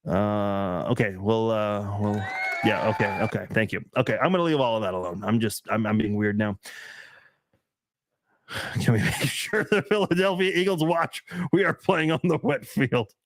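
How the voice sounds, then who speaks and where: A man's voice: on the low side, normal speed, no room sound, clean studio sound. A young man hosting a casual live stream, reading viewer comments aloud and rambling in a self-mocking way.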